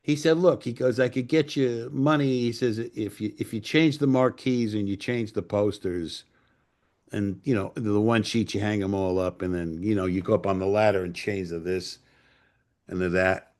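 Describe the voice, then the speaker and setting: An older man from New York, a film director telling profane, animated stories in a casual interview and acting out what others said. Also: lowish voice, moderate pace. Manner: profane, animated anecdotes with acted-out quotes. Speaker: screenwriter and director guest.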